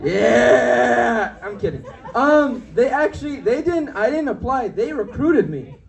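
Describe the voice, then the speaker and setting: A man's voice: very high voice, big pitch swings, moderate pace, recorded from a distance, rough recording. A young man doing a stand-up comedy set in a club. He talks in a brash way and jumps between voices to act out the people in his stories. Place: comedy club with live audience.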